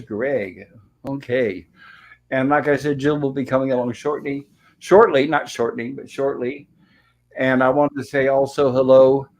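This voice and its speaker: A man hosting a live-streamed review show, greeting viewers and reading chat messages aloud in a friendly, rambling way. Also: mid-range voice. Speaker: podcast host.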